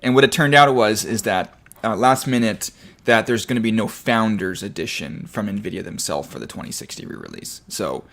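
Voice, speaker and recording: A man's voice: fairly low pitch, lively intonation, moderate pace, fairly bright tone. A man co-hosting a casual tech chat show from a coffee shop, laid-back with dry humor. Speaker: co-host.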